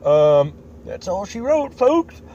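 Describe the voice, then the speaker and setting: Speaking slowly in a high, sing-song voice with a dark tone, this man hosts a podcast. He recaps a story casually with rambling, self-correcting asides, over a slightly dull recording carrying faint noise.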